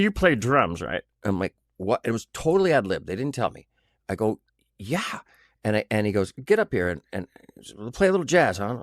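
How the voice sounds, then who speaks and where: A low-voiced man in his sixties tells stories in an interview, slipping into quoted voices and humming bits of tunes. The sound is close and dry, with little room in it. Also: no room sound. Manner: animated anecdotes with sung sounds and quoted voices. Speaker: actor guest. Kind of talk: storytelling interview.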